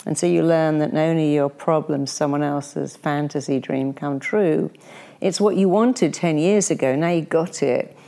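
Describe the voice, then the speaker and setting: Low, gravelly-voiced woman telling stories. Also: moderate pace. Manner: animated, acts out quoted voices. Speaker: guest, coach with clients. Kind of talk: conversational podcast storytelling.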